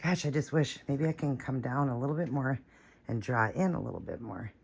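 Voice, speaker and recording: A woman vlogging an unboxing, gushing and breathless, shaky with excitement, repeating herself as she talks to viewers. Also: very deep voice, fairly quick, creaky, breathy edge. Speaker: vlogger unboxing a reborn doll.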